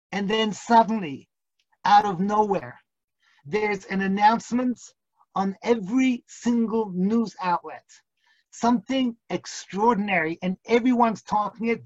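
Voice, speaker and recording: In dull, lo-fi video call audio with a dry sound, a high-voiced man teaches an online class as a rabbi. His dramatic storytelling lecture is vivid and suspenseful, and he hams up national accents for laughs.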